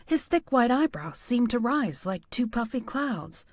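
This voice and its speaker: Woman reading a first-person audiobook, wry, pitch bouncing all over, dry close mic. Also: a little slow, no room sound. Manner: wry, expressive delivery. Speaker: audiobook narrator.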